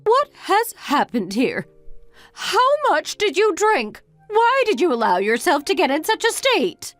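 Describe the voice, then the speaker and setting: An exasperated middle-aged mother who complains in rapid-fire questions, as a woman plays her. Her pitch sits a little high and swings widely from line to line. Soft music plays faintly behind this dramatized family story. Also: very animated.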